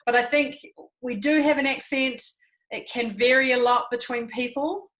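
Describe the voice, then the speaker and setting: A woman's voice: sits high, steady tone, normal speed, fairly bright tone, low-quality recording. Chatty New Zealand woman. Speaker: co-host. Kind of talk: casual chat.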